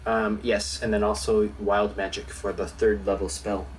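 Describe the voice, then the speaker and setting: A man narrating as dungeon master in a relaxed, hesitant way, with plenty of fillers. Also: lowish voice, normal speed, soft background music. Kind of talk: narrating a tabletop game.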